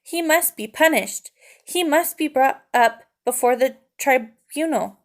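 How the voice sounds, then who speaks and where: A woman voicing a stern, anxious father mouse in a storybook read-aloud, speaking in slow, emphatic declarations. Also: high voice, lively intonation, voice pushed up. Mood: solemn.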